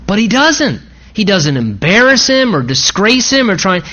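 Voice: mid-range voice, big pitch swings, moderate pace, bright, forceful tone. A pastor preaching a sermon in a conversational, emphatic way, often repeating key phrases for weight. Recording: dull lo-fi recording.

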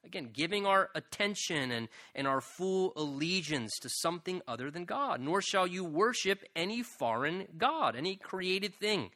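A man's voice: high voice, lively intonation, moderate pace, hardly any pauses, pushed and bright. A man preaching a sermon, earnestly explaining a psalm verse by verse and building to emphatic appeals. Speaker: pastor.

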